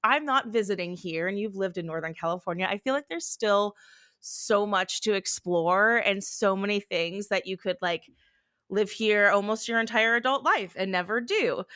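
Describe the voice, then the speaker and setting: Brief: a woman as a podcast co-host with a sharp, bright voice, rambling friendly chat, laughs easily. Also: mid-range voice. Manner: chatty, rambling, quick to laugh. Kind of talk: casual chat between friends.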